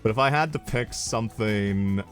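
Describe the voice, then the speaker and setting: A man's voice: fairly low pitch, normal speed, soft background music. A man streamer chatting casually, telling rambling stories, swearing freely and laughing at his own jokes. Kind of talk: casual storytelling chat.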